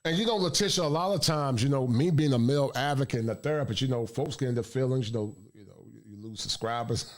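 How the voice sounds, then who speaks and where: A man's voice: mid-range voice, fast. A man working as a therapist who hosts a talk show, speaking in an emphatic, preachy and frank way during a casual discussion. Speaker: podcast host and therapist.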